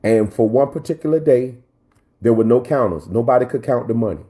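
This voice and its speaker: A pastor preaching a sermon, telling a personal story with many repeated phrases and climbing into fervent preaching. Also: male voice, mid-range voice, animated, fairly quick, warm tone. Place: church.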